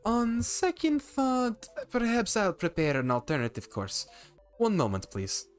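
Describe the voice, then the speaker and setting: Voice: medium pitch, expressive, a little slow, clean tone, soft background music, pitched above the performer's own voice, close to an everyday voice. A streamer voicing a posh woman cook who speaks with a put-on French accent, in a grand, theatrical manner. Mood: grandly instructive.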